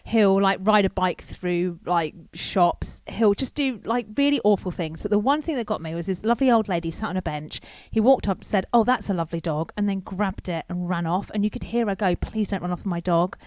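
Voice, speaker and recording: A woman from Chesterfield, co-hosting a podcast in casual chat and telling stories with lively acted-out quotes. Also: medium pitch, brisk, hardly any pauses, no echo. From Chesterfield, England. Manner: animated storytelling, acts out quoted voices. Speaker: podcast co-host. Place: hotel room.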